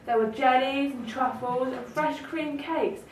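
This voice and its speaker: A woman reading a children's story aloud in a gentle, expressive way. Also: sits high, a little slow, a little hiss or hum. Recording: roomy, distant mic, faint ambience.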